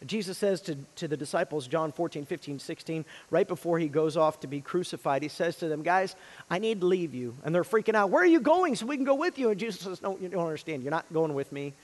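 A man preaching a sermon, swinging between loud emphasis and hushed, quiet lines. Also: fairly high pitch, lively intonation, quick pace, in a large hall. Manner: dynamic delivery, swinging from loud emphasis to hushed near-whispers. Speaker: pastor.

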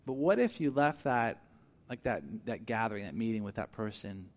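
A pastor with a lowish, animated voice preaches at normal speed. Shifting between soft and emphatic phrasing, he puts questions to listeners and acts out quoted voices.

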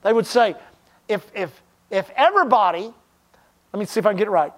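A male pastor delivering a sermon in a high voice. He leans hard on key phrases and draws them out, then sinks to a near-hush for the quieter points. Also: expressive, a little fast, pauses often. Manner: emphatic preaching, stretching key phrases and dropping to a hush.

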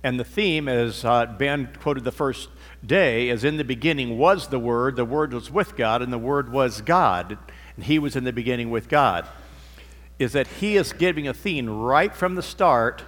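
A man's voice: medium pitch, normal speed, fairly bright tone, in a large hall. A male pastor giving a conversational sermon, shifting his emphasis on words as he teaches.

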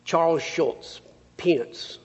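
A man preaching a sermon, reading scripture and then telling stories in a lively, conversational way. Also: a little high, takes it slowly, highs cut off. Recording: long reverb of a large hall.

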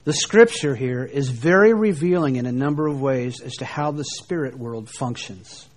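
A man teaching a sermon on scripture, speaking slowly and deliberately with dramatic pauses as he reads verses aloud. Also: mid-range voice. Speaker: preacher.

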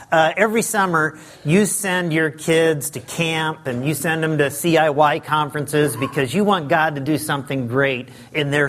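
High-voiced man preaching to a church. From Southern California. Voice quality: high, light voice. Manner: warm, self-deprecating, chatty with fillers. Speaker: guest pastor. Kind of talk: sermon. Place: church sanctuary.

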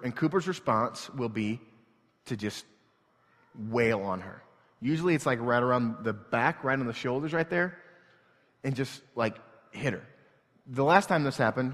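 A pastor preaching an earnest, emotional sermon that moves between hushed and loud passages. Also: male voice, medium pitch. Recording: long reverb from a large hall.

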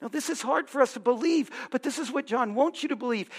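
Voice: sits high, expressive, brisk. A pastor preaching a sermon, asking the congregation questions and building to emphatic points.

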